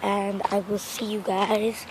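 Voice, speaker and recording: A woman talking casually to her camera as a vlogger, hoarse from a sore throat, rambling and halting with many restarts. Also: medium pitch, little pitch movement, noisy background. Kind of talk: casual vlog talk to camera.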